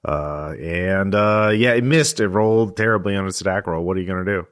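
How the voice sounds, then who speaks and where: A man narrating a tabletop horror game as game master, describing scenes haltingly with many fillers. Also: deep voice.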